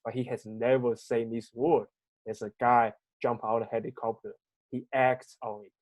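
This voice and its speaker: A man co-hosting a comedy discussion, speaking in a measured way with small grammar slips. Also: mid-range voice, level tone, dry recording. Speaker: co-host. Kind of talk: casual discussion.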